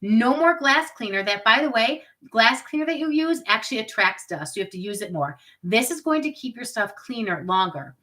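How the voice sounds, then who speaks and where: A woman's voice: on the high side, expressive, normal speed, few pauses, pushed and bright, rough recording. A woman in her forties hosting a live product demo on webcam, chatty and upbeat, with asides to her viewers. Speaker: product party host.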